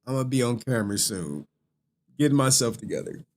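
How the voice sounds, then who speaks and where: A man's voice: mid-range voice, big pitch swings. A young man streaming live, chatting casually with slang and cursing, breaking into laughter often. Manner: laughs often, slangy and profane, slow drawl.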